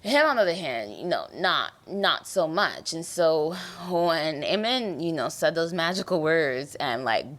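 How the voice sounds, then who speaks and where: Young woman, podcast host, casual recap, slangy, emotional, lowish voice, lively pitch. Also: a little slow, hardly any pauses.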